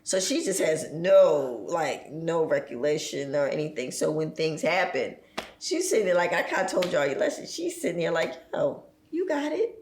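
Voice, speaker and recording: A woman's voice: low-pitched, moderate pace, reverberant, a little hiss or hum. A woman in her forties chatting on a podcast, telling stories with laughter and acting out her children's voices. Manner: lively storyteller, acts out her children's voices, laughs often. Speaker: podcast guest. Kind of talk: casual chat.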